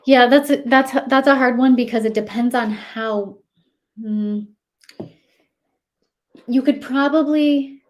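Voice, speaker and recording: A woman's voice: high-pitched, fairly even intonation, slow, long pauses. A woman in her thirties, a nutritionist guest, chatting casually and telling stories with many fillers and acted-out quotes. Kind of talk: casual interview chat.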